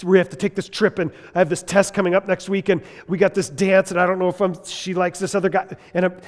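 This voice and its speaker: A man's voice: high voice, little pitch movement, fast, voice pushed up, lightly acted. A man voicing an anxious young man who frets in a frantic, rambling rush about tests, trips and a crush. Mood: panicky. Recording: long reverb.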